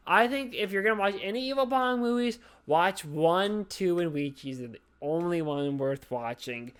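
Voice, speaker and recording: A woman's voice: on the low side, animated, normal speed, hardly any pauses, clear, resonant tone. A drunk woman hosting a casual podcast chat, rambling, swearing and apologizing over and over. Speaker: podcast host.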